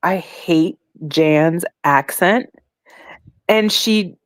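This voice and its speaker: A woman chatting casually as co-host, chatty and quick to giggle. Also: lowish voice, no room sound. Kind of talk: casual chat.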